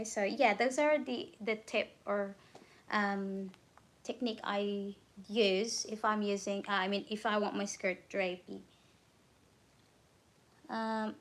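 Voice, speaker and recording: A woman chatting casually on a crochet livestream, unhurried and a little drowsy, often pausing with ums to search for the right words. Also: mid-range voice.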